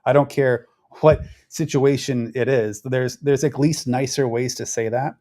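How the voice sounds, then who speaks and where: A political commentary host talks through local politics casually, rambling, stumbling over words, using fillers and circling back to finish his thoughts. His voice is at an ordinary middle pitch with a dark tone, fairly even intonation and a slightly slow pace.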